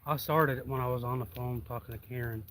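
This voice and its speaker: A man's voice: medium pitch, fast talker. Man, outdoor vlogger, easygoing rambling campfire chat, slightly breathless, faint outdoor noise, camera several feet off. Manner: relaxed, rambling, a little breathless. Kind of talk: casual live-stream chat. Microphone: camera about seven feet away.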